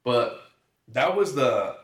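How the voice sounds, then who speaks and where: A man's voice: mid-range voice, big pitch swings, slow pace. A man giving a tearful, shaky personal testimony, acting out the dialogue in his story. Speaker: guest. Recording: echoey room, mic at a distance.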